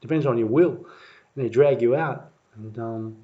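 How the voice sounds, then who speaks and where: A man telling a family story in a rambling, halting way, full of fillers and restarts, livening up when he mimics the crowd. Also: mid-range voice. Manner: lively when acting out crowd voices. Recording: muffled lo-fi recording.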